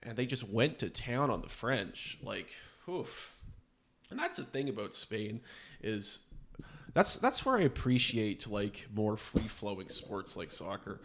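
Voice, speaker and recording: A man's voice: fairly low pitch, very animated, unhurried, a bit bright. A man hosting a podcast, rambling through casual chat with sarcastic, mock-serious asides. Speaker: podcast host.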